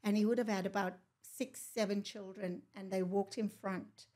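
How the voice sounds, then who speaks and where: A woman, telling her own story as a podcast guest, animated and rambling, laughing often and dropping into whispers. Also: mid-range voice, normal speed. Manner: animated, laughs often, drops to a whisper for asides and remembered thoughts; rambling, with many fillers and restarts. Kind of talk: casual storytelling in a conversation.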